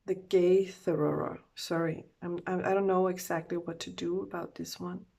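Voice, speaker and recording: A woman's voice: lowish voice, little pitch movement, moderate pace, vocal fry, warm tone. A woman doing a casual oracle card reading, groggy from just waking up and talking hesitantly with many fillers and self-corrections.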